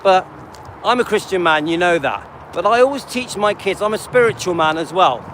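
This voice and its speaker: A man's voice: high-pitched, animated, normal speed, fairly bright tone, slight background noise, rough recording. A man in his late fifties chatting casually on a livestream while walking his dog, rambling and talking to viewers by name. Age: 50s. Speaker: livestream host.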